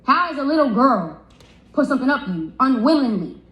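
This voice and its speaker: A woman's voice: high voice, very animated, brisk, a bit bright. Young woman stuttering through a livestream story. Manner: stutters and repeats words when upset. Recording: roomy echo.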